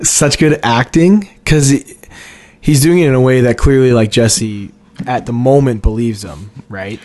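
A man's voice: medium pitch, unhurried, darkish tone. A man co-hosting a podcast, laid-back and swearing freely as he chimes in on a TV recap. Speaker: podcast co-host. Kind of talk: casual chat.

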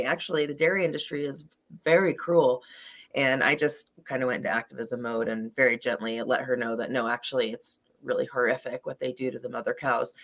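A woman's voice: rumbling low, fairly bright tone. A middle-aged woman, a guest on a video-call talk show, telling stories earnestly and acting out quoted lines. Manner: earnest, storytelling, acts out quotes. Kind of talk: casual interview chat.

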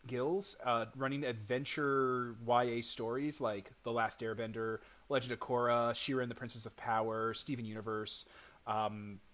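A man hosting a podcast, chatting in a lively way and laughing often. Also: mid-range voice, moderate pace. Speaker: podcast host. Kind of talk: casual chat.

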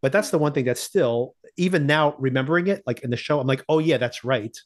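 A man's voice: fairly high pitch, fast. A man hosting a podcast, recapping a TV season in casual chat, laughing often and acting out the characters' lines. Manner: animated storyteller, laughs often, acts out quotes. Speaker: podcast host.

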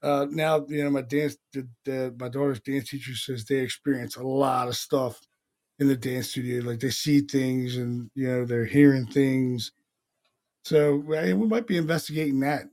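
A man co-hosting a podcast, telling stories in casual chat, animated, with slang and swearing. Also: mid-range voice, moderate pace. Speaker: podcast co-host.

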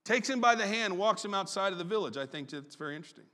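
A man preaching a sermon as pastor, folksy and conversational with quick asides. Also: sits high, animated, sharp tone. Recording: long reverb in a large hall.

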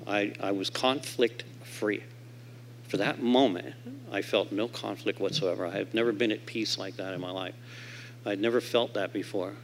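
Man telling an animated recovery story. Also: normal speed, a little hiss or hum. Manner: animated storyteller who acts out quoted voices; swings from loud and emphatic to low and quiet. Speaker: convention speaker. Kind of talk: recovery story told to a convention audience. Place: convention hall stage.

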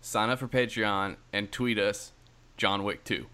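A man co-hosting a podcast, talking casually in a lower-than-usual voice. He teases his partner and keeps pressing his point in a playful way. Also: steady tone, measured pace, sharp tone, clean tone. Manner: teasing, playfully insistent. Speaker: podcast co-host. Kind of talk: casual chat.

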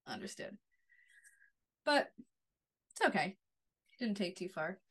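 Relaxed woman podcast co-host. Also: mid-range voice, slow, husky. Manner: relaxed, agreeable, lots of fillers. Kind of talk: casual TV recap chat.

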